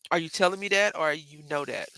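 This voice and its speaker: A woman with a low-pitched, pushed and bright voice hosts a casual craft tutorial live. Her Southern Texas accent colors the chatty, rambling talk, and she often addresses viewers as y'all.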